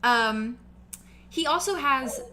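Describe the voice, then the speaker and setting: A woman's voice: sits high, expressive, takes it slowly, pushed and bright, slight background noise. A woman running a tabletop game as game master, narrating casually with lots of fillers, over a video call.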